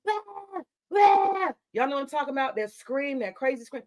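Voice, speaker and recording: A woman talks straight to her livestream chat. Her voice sits somewhat high, and she argues in a confrontational, profane, unfiltered way. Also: fairly even intonation, fast. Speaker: livestream host.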